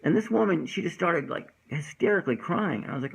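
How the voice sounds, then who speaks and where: A man's voice: on the high side, lively intonation, quick pace, creaky, husky, rough recording. Earnest rambling man. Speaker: host of a recovery talk show. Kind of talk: casual personal talk and poetry reading.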